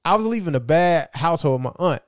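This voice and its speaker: A man in casual conversation, telling animated, slangy stories and acting out his relatives' voices. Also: a little high, fast talker, no room sound, studio quality.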